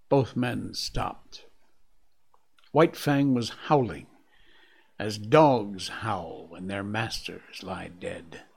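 A man narrating a classic adventure novel in a deliberate storytelling manner. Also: medium pitch, gravelly. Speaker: audiobook narrator.

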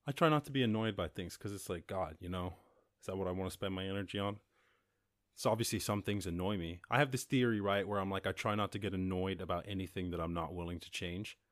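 A man's voice: low-pitched, fast, no room sound, studio quality. A man hosting a podcast, talking casually and rambling through listener questions with swearing and sudden bursts of outrage. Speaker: podcast host. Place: lives in rural Ireland.

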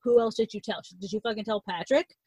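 A woman's voice: medium pitch, fast talker, a little mellow, husky, no echo, muffled recording. A young woman in casual chat, retelling a novel's plot in a rambling way, swearing freely and acting out the characters' lines.

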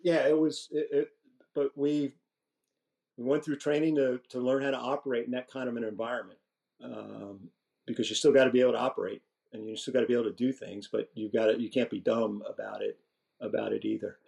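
A man's voice: mid-range voice, fairly quick, creaky. A man in his sixties, a retired general guest, telling casual stories with restarts and mild swearing. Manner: animated, profane anecdotes with restarts. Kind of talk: casual storytelling.

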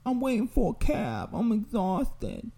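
Man doing a tiny older woman, high-pitched, tired and whiny. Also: very animated, measured pace, dark tone, breathy edge, full character voice. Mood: whiny exhausted.

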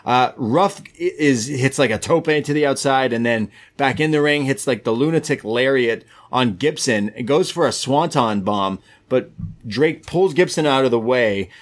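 A man co-hosting a podcast, recapping a wrestling show move by move in casual chat with quick asides. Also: medium pitch. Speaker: podcast co-host.

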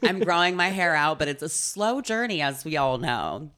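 Young woman co-host, bright tone, animated storyteller in a casual chat. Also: sits low, moderate pace, smooth. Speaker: podcast co-host.

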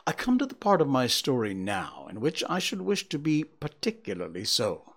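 A man reading a dramatic story aloud in an expressive, theatrical way. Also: mid-range voice, normal speed. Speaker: audiobook narrator.

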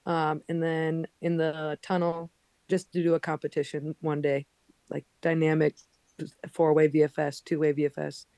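A woman's voice: low voice, level tone, normal speed, dark tone, no echo. A woman who works as a skydiving instructor, chatting casually as a podcast guest, laughing often and saying um and like. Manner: laughs often while telling stories, many "um" and "like".

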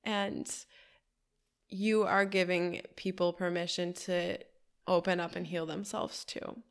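A woman who runs healing events, speaking gently and slowly in an affirming, supportive way on a podcast. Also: on the low side, steady tone, vocal fry. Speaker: retreat facilitator. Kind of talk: podcast conversation.

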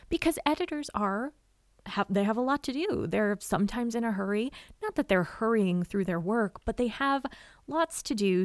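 Chatty, animated woman with a dry sound. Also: medium pitch, dry recording. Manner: expressive, chatty, swings into acted quotes. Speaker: writer and vlogger. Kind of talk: casual advice talk to camera.

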